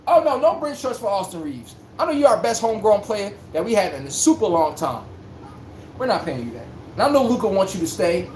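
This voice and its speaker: A man's voice: sits high, big pitch swings, fast. A man hosting a livestream sports talk show for his chat, brash and joking, full of slang and sudden bursts of hype. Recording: roomy echo with faint background hum.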